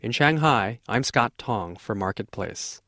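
A man, a radio correspondent, filing a crisp, lightly conversational news report. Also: lowish voice, animated, unhurried, loud music behind the voice.

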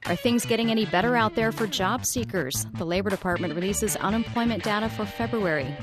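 A woman's voice: medium pitch, brisk. A woman reading a scripted headline preview on the radio in a playful, punny way. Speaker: news presenter. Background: plucked guitar music.

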